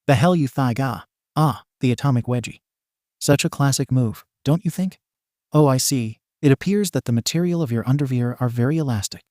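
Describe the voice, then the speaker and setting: A man's voice: medium pitch, brisk, darkish tone, no room sound, studio quality, natural voice. A man voicing a gleeful cartoonish teen boy. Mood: mocking. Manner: theatrical, mocking, gleeful. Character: mischievous cartoonish teenage boy hero.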